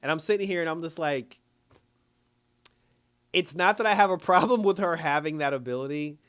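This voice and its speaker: A man reviewing a TV episode in a casual, animated way, acting out the characters' lines and laughing often. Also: a little high, moderate pace, clean tone. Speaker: show reviewer.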